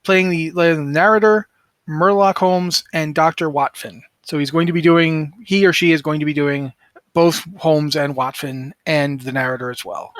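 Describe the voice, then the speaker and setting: A man's voice: a little high, steady tone, normal speed, a bit bright, no room sound. Chatty man with a dry close sound. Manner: rambling, self-correcting, apologetic about names. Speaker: podcast co-host. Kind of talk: casual podcast chat.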